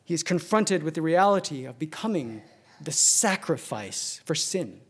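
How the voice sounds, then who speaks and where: High-voiced man preaching dramatically. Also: big pitch swings, slightly rough. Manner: dramatic, swinging from ringing emphasis to hushed near-whispers; slow, deliberate repetitions. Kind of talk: sermon.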